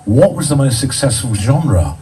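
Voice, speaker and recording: A man reading audience questions at a live show in a smooth radio-presenter manner. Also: medium pitch, big pitch swings, normal speed, distant mic, crowd noise.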